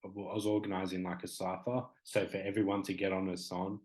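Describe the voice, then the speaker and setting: Young aussie guy, lowish voice, rambling story full of "like" and "you know", chatty talk show guest. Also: little pitch movement, fairly quick, a little mellow. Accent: Australian. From Australia. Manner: emotional, acts out quoted exchanges. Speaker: guest, hip hop artist. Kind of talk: casual storytelling in an interview.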